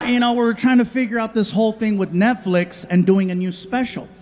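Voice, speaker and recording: A man telling an animated stand-up comedy story on stage, acting out the people in it. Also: high voice, a little fast, a faint crowd. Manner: animated storytelling, acts out voices. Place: stage before a live audience. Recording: live show with audience noise.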